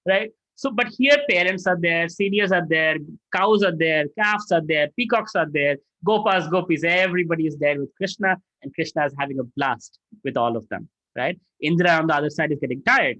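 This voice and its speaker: A man telling scripture stories as a spiritual teacher, animated and dramatizing, often checking in with "right?". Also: fairly high pitch, fairly quick, dry recording, poor audio.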